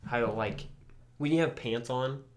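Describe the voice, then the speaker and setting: A man's voice: medium pitch, unhurried. A young man co-hosting a podcast in casual chat, laughing often and swearing freely. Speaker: podcast co-host.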